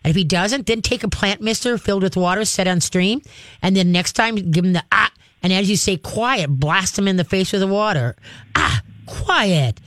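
A dog trainer hosts a call-in show, coaching a caller in a direct, no-nonsense way. The voice sits at a middle pitch. It is recorded close and dry, with almost no room sound. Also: dry recording. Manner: direct, practical and coaching, acts out commands to dogs. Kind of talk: call-in advice.

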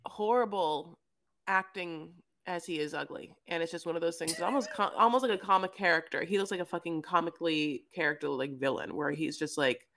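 A woman's voice: deep voice, a bit bright. A woman co-hosting a podcast, recapping a reality show in casual, profane chat and acting out quotes. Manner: fast, profane, acts out quotes in silly voices. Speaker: podcast co-host.

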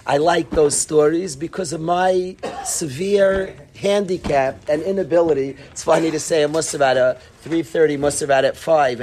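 A man's voice: a little high, a little mellow, slight background noise. A man, a yeshiva rabbi, giving a mussar talk to students, impassioned and scolding, often repeating and restarting his phrases.

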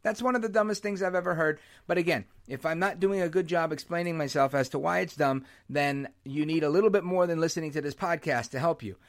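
A man hosting his own podcast, talking in an animated, opinionated way and dropping in Spanish words. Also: on the high side, fast talker, hardly any pauses. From United States. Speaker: podcast host. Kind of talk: solo podcast monologue. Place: New York.

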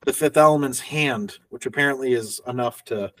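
A man co-hosts a casual movie-review podcast, drifting through his points and breaking into laughs as he acts out quotes. His voice is of middling pitch. He sits a little back from the mic in a dry-sounding space. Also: unhurried, fairly bright tone, dry recording, recorded from a distance. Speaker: podcast co-host.

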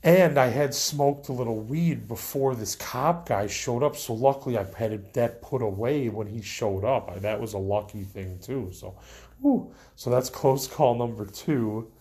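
A man's voice: medium pitch, moderate pace, hardly any pauses, a little mellow. A young man casually telling a countdown of personal stories, rambling with lots of fillers and restarts. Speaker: vlogger. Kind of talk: casual storytelling to camera.

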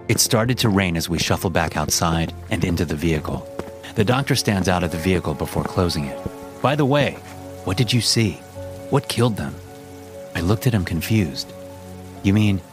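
Very deep-voiced man narrating horror. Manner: tense, measured first-person narration.

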